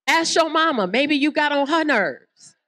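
A Southern American woman preaching a lively sermon at a women's conference, acting out little scenes and voices as she goes. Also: measured pace. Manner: animated, acts out voices, swoops in pitch. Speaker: guest preacher.

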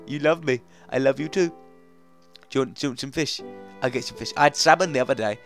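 A young man gives chatty let's-play commentary in a medium-pitched voice, coaxing the game along and grumbling when it goes wrong. He breaks into excited outbursts now and then. Faint music plays softly behind him. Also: brisk, vocal fry, pauses often. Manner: chatty, coaxing, easily frustrated, bursts of excitement. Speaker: gaming commentator.

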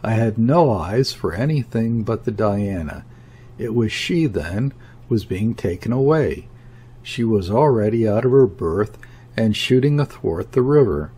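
A man narrating a classic novel as an audiobook, reading in a measured, deliberate way. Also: fairly low pitch, lively intonation, warm tone, husky. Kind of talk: scripted narration.

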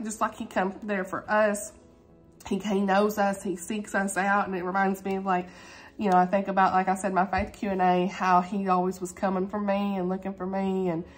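Chatty woman vlogging to camera. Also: mid-range voice. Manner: warm, heartfelt, chatty with Southern "y'all" and "honey". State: tearful, emotional. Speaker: book vlogger. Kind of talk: casual reading vlog, talking to camera.

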